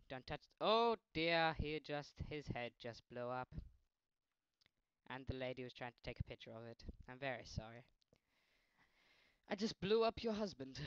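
A man's voice: mid-range voice, clean tone, no room sound, lo-fi sound. A man with a faint Scottish accent doing jokey let's-play gaming commentary, yelping at the game. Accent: slight Scottish. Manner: excitable, yelps and laughs at the game, jokey asides.

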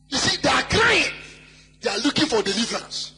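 High, lively preacher in a reverberant hall. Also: male voice. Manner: preaching with shouted emphasis and drawn-out scripture reading; mimics wailing crowds in sing-song cries. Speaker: pastor. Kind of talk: sermon. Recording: live hall with long reverb and faint music.

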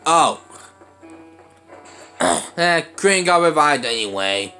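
Young guy doing game commentary, voice swings all over, slowish talk, gets super panicky and shouty. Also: soft background music. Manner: excitable, bursts into panicked high shouts. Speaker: gaming channel host. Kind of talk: let's play commentary.

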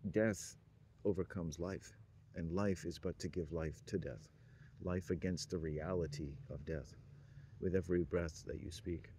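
A man with a very low voice drifts through a meandering monologue, chuckling to himself and letting sentences trail off. A faint hiss of noise sits under the recording. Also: fairly even intonation, measured pace, mellow. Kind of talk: rambling stream-of-consciousness monologue.

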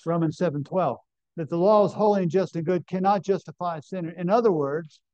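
A man's voice: high-pitched, mellow, no room sound. A man preaching a sermon at a camp meeting, emphatic, reading scripture aloud and asking the congregation questions. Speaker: pastor. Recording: dull, lo-fi sound.

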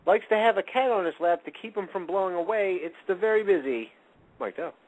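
Higher-voiced male host, goofy, playful. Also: animated, a little fast, darkish tone, low-quality recording. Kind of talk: casual comedic chat.

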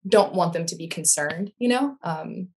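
A woman's voice: fairly low pitch, lively intonation, normal speed, a little mellow. A woman, a guest on a casual podcast, speaking thoughtfully with frequent ums. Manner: thoughtful, hesitant with many ums.

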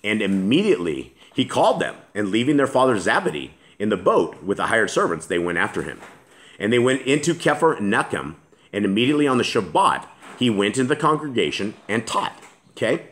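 A man's voice: on the low side, sing-song, fairly quick, fairly bright tone. A man reading scripture aloud and commenting on it as a Bible teacher, earnest and emphatic, often restarting his sentences.

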